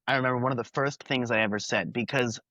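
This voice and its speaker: A man's voice: mid-range voice, fairly even intonation, quick pace, sharp tone, no room sound, dull audio. A young man hosting a podcast, chatting earnestly and at length about an album's songs and themes. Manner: earnest, talkative, quotes lyrics in character. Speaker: podcast host. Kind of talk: casual music review chat.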